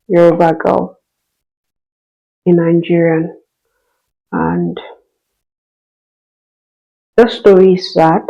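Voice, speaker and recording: Fields: Sex: woman. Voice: gravelly, flat. Style: heartfelt reflection, earnest. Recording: slightly dull. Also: fairly low pitch. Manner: earnest, emotional, repeats phrases for emphasis. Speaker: host reading and responding to a listener's story.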